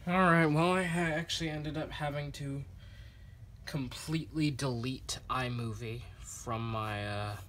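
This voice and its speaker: Slow, bright-voiced man rambling while drawing. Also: mid-range voice, fairly even intonation, a little hiss or hum. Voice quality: sarcastic-sounding voice. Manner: rambling, self-deprecating, apologetic asides. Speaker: artist vlogger drawing on camera. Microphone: phone recording.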